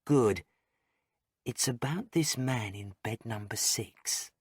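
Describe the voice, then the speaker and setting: A man voicing a polite, businesslike male hospital doctor who asks short, brisk questions. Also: mid-range voice, husky, no echo, clean studio sound.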